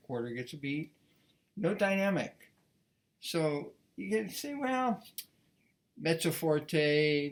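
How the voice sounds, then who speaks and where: Relaxed rambling man teaching violin. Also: a little high. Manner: relaxed, rambling, frequent restarts. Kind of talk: casual spoken lesson.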